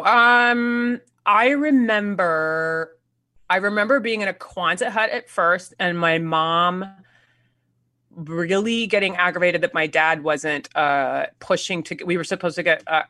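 A woman in her forties, an actor guest in a casual conversation, telling stories animatedly with halting restarts and frequent laughs. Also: lowish voice, bright, forceful tone, no echo, studio quality. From United States.

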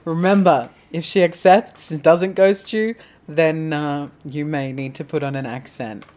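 A young woman co-hosting a podcast, tossing in quick teasing remarks. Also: low voice, a little mellow. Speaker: podcast co-host. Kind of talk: casual chat.

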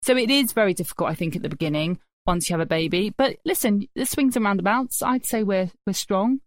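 A woman in her thirties co-hosts a casual podcast chat. She talks sympathetically and sometimes goes quieter when reflecting, in a mid-pitched voice. The recording is dry and close. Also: brisk, no echo. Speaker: podcast co-host.

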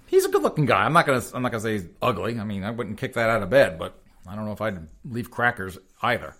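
A man's voice: on the low side, fast, bright, forceful tone. A man hosting a sarcastic news commentary show, rambling and chuckling as he addresses his audience as folks. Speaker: host.

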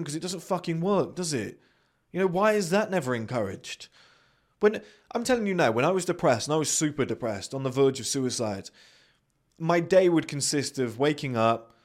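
A young man hosting a podcast, giving a blunt, sweary motivational monologue. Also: medium pitch. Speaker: podcast host.

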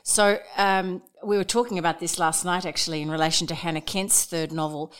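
Female podcast host, slightly low, smooth resonant voice, measured and thoughtful. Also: steady tone, a bit bright. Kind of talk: podcast interview.

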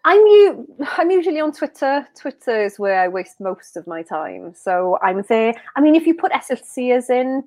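A woman's voice: on the high side, sing-song, moderate pace, few pauses, a little mellow. Welsh woman chatting and laughing. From Wales. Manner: laughing, playful storytelling. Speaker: guest comedian. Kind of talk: casual podcast chat.

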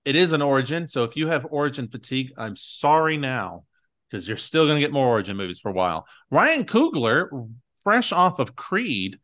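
A man's voice: medium pitch, very animated, normal speed, fairly bright tone. A man hosting a podcast in casual chat, rambling along with lots of fillers. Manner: chatty, rambling with many fillers. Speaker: podcast host.

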